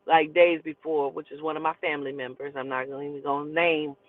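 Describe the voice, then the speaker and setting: A woman's voice: low voice, level tone, fast talker, no echo. Blunt woman in her forties, phone-like sound. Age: 40s. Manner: blunt, profane, emphatic retelling. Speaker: storyteller host. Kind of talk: casual storytelling. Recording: tinny phone-like, dry sound.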